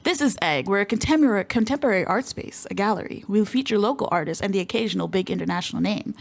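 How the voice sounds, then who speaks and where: A woman voicing a laid-back young gallery intern who talks in a soft, low-key way. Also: animated, fast talker, vocal fry. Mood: relaxed.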